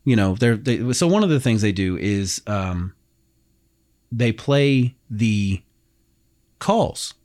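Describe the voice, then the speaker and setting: A man's voice: lowish voice, animated, slow pace, pauses often, darkish tone. Chatty man retelling a crime story. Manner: chatty, acts out quotes, loose restarts. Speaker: podcast co-host telling the case. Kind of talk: casual true-crime storytelling.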